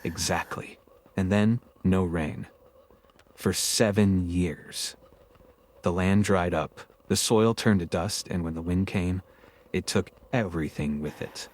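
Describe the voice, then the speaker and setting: A man with a very low, deep voice narrates history on a scripted podcast. He tells it in a wry, joking way and keeps a casual, storytelling tone. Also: slow, darkish tone. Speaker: co-host.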